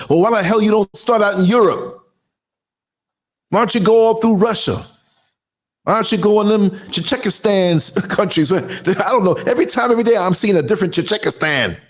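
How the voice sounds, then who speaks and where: A man in his sixties hosting his own podcast, giving a fiery, indignant monologue with strong emphasis. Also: high-pitched. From United States. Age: 60s. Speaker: podcast host and culture critic. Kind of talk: ranting monologue.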